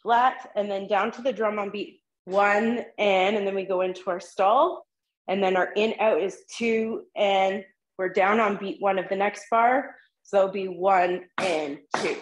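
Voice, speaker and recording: A woman's voice: medium pitch, steady tone, a little slow, roomy sound, poor audio. A woman teaching tenor drumming in an online group lesson, patiently counting the rhythms aloud with frequent ums. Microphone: video call microphone.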